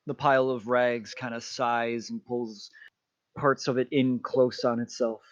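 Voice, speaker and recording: A man's voice: medium pitch, flat delivery, unhurried, no room sound. A man narrating as game master of a tabletop game, describing scenes unhurriedly. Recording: dull lo-fi mic.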